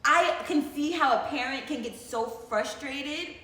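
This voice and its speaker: A young woman with a high voice speaks from a very echoey room, a little away from the mic. She drops wry, teasing comments in a relaxed chat. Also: measured pace. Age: young adult. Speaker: daughter co-host. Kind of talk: casual chat.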